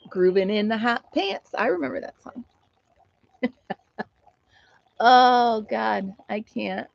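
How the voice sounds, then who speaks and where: A woman's voice: fairly high pitch, animated, very slow, vocal fry, pauses often, no echo, lo-fi sound. A middle-aged American woman hosting a casual live stream chat, telling a funny story and laughing often as she reads viewer comments.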